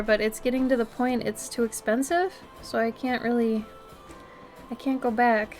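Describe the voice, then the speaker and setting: A woman's voice: high voice, a little mellow. A woman in her thirties from Minnesota, with a slight Minnesotan accent, chatting casually as she answers her live-stream chat. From Minnesota, USA. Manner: chatty, reads and answers chat, gushes and giggles. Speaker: art streamer.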